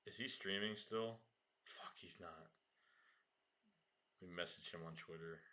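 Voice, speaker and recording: Man, casual livestream host, lowish and very sharp tone, slangy and excitable. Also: measured pace. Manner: slangy, excitable, swears and laughs often.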